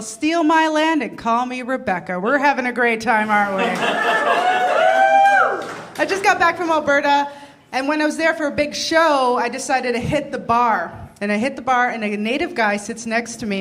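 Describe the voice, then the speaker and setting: A woman's voice: on the high side, lively intonation, normal speed. A woman from Canada performing a stand-up comedy set on stage, brash and punchy, laughing between jokes. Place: comedy stage before an audience. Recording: live comedy club recording with background noise.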